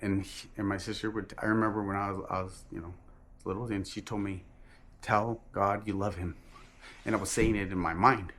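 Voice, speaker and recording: A man with a somewhat low voice recounts his religious testimony. He speaks earnestly and emphatically, but in a halting way, stopping mid-phrase and correcting himself often. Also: flat delivery, fairly bright tone, slight background noise. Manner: halting, with frequent restarts and self-corrections. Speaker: person giving a religious testimony. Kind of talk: personal testimony storytelling.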